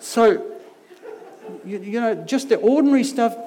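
Middle-aged guy preaching, jokey storyteller, pretty high voice, long echo like a big church hall. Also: a little slow, warm tone. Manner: humorous storytelling with self-mocking asides. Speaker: visiting preacher. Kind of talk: anecdotal sermon.

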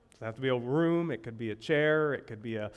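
A male pastor giving a sermon in a church, speaking conversationally and repeating key phrases, rising in pitch for emphasis. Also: quick pace, smooth, highs cut off.

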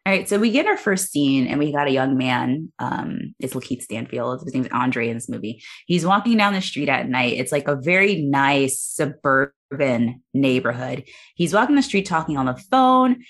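Low-voiced woman podcast host. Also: moderate pace. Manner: animated, recaps the plot and laughs often. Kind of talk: casual movie podcast chat.

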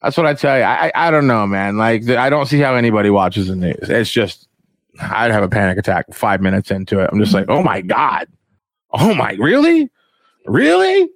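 A man hosting a podcast, ranting casually and profanely, rambling and mocking others in shrill voices. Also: quick pace, no room sound. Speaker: podcast host. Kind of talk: casual rant. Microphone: headphones on, close mic.

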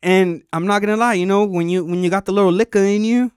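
Smooth-voiced man telling a rowdy story. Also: high-pitched, fast, no echo, clean studio sound. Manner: animated, profane, acts out quotes. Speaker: podcast host. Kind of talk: casual storytelling chat.

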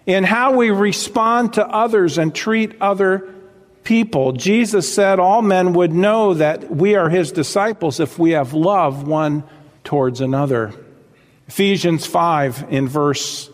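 A man's voice: high-pitched, unhurried. A man preaching a sermon to his congregation, exhorting them directly and often calling out "listen" and "folks". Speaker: pastor. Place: church sanctuary with congregation. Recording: long hall reverb.

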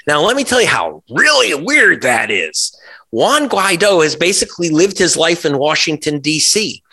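A man's voice: fairly high pitch, very animated, normal speed, sharp tone, breathy edge. A man, a journalist guest in an interview, talking in an emphatic, sarcastic way with many restarts and asides. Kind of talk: conversational interview.

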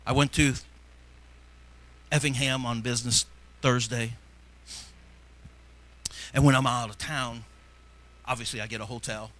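A middle-aged man preaching a sermon as pastor, fervent, shifting between loud exhortation and quiet asides. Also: medium pitch, steady tone, measured pace, pauses often.

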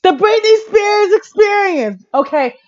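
High-voiced woman gossiping about pop stars, super animated, laughs a lot and sings bits, kinda muffled audio. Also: measured pace. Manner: excitable, laughs often, breaks into song. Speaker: pop culture vlogger. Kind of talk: casual gossip and music chat.

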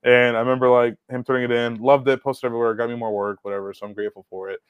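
A young man talks fast and loose, telling stories in a casual chat. He swears freely and jumps into loud acted-out quotes. The mic sound is dry and close. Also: mid-range voice, clear, resonant tone, dry recording, dull audio. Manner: animated storyteller, swears, acts out quotes loudly. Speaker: podcast guest, car detailer.

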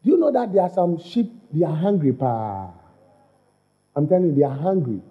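A man's voice: sits high, fast talker, narrow, tinny audio. A man preaching a sermon as pastor, repeating phrases and restarting lines as he builds his point. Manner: repetitive, animated preaching with stammered restarts.

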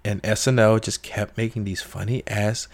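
Young man, low-ish voice, casual slangy book review, animated impressions of quoted people. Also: moderate pace. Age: young adult.

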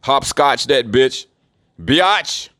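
Animated, profane man ranting solo. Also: mid-range voice, very slow. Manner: profane, mocking, laughs often. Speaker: commentator. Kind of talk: rambling solo monologue.

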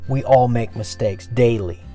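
A man giving an informal devotional message, earnest and repetitive, often dropping to a soft, low voice. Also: unhurried, faint music behind. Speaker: preacher.

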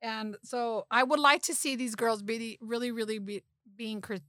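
A woman's voice: fairly high pitch, steady tone, normal speed, pushed and bright, no echo, clean studio sound. A middle-aged woman chatting casually as a podcast guest, blunt and swearing, often restarting her sentences. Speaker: guest, mother-in-law.

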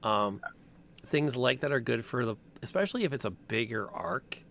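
Gravelly man, chatty. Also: mid-range voice, expressive, normal speed, fairly bright tone. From American Midwest. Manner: chatty, rambling with tangents. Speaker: game master and podcast host. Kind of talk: casual chat.

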